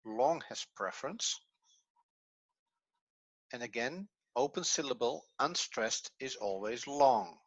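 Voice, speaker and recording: A middle-aged man teaching a grammar lesson, explaining slowly and step by step, a non-native English speaker whose first language is Dutch. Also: medium pitch, animated, breathy edge, no room sound, muffled recording. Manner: slow, methodical explaining step by step. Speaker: Hebrew teacher.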